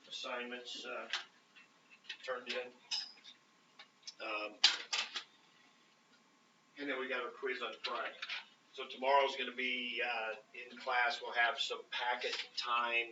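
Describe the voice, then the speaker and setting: A man's voice: medium pitch, background noise. A man teaching a math class, talking casually with many fillers and often checking in with the students. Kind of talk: classroom lecture. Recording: roomy, distant, dull classroom audio.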